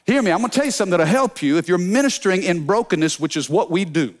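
A man preaching a sermon as pastor, energetic, telling funny stories and calling out to the congregation. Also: high voice, quick pace. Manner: energetic preaching with call-and-response; storytelling with humor.

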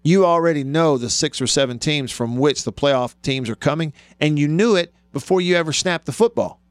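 A male sports radio host making his case with emphatic, argumentative commentary. His voice is smooth and resonant, sitting in a middle pitch. The sound is dry and close, with no room around it. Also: moderate pace, no room sound. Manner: emphatic, argumentative, thinks aloud with restarts. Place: radio studio.

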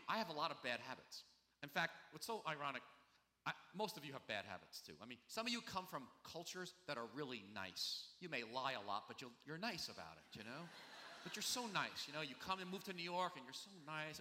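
A man's voice: a little high, very animated, a little fast, bright, forceful tone, big-room sound. A man preaching a sermon as pastor, in a conversational, confessional way with many asides.

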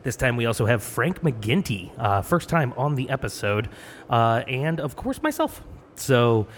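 A man's voice: medium pitch, very animated, a little slow, slight background noise. A young man hosting a podcast, talking casually in a joking, rambling way. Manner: chatty, joking, rambling asides. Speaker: podcast host. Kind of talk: casual solo intro monologue.

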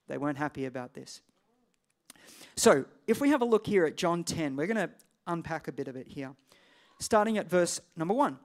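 Male pastor, fairly high voice, easygoing sermon delivery mixing Bible readings with chatty asides. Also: lively intonation, fairly quick. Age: adult parent. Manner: casual, conversational preaching with scripture readings.

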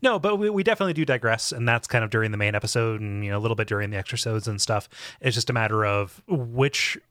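A man co-hosting a podcast, reading listener responses and chatting in a relaxed way. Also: fairly low pitch, fast, dry recording, clean studio sound. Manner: relaxed, with short agreeing interjections. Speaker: podcast co-host.

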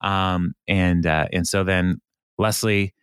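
A man's voice: sits low, steady tone, slow pace, a bit bright, clean tone, dry recording, studio quality. A man casually recapping a TV episode, a chatty storyteller paraphrasing what the characters say. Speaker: podcast co-host recapping an episode. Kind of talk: casual chat.

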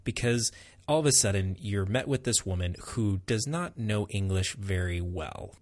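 A man's voice: on the low side, moderate pace, dry recording. A man co-hosting a casual book discussion podcast, chatty and self-deprecating, laughing easily. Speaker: podcast co-host.

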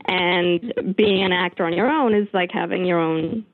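A woman's voice: on the low side, normal speed, dry recording. A young woman with a Bulgarian accent, calling into a podcast and talking hesitantly with many ums. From Bulgaria and Russia. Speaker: caller. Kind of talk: phone call into a podcast. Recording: tinny phone line, dry.

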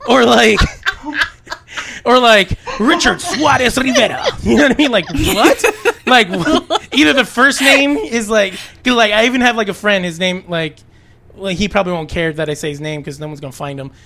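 A man co-hosting a casual podcast, rambling and animated with plenty of fillers. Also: high voice, gravelly, noisy background. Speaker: podcast co-host.

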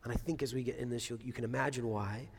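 A man's voice: medium pitch, steady tone, quick pace, husky. A male pastor preaching a conversational sermon, full of asides and rhetorical questions. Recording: long reverb of a large hall.

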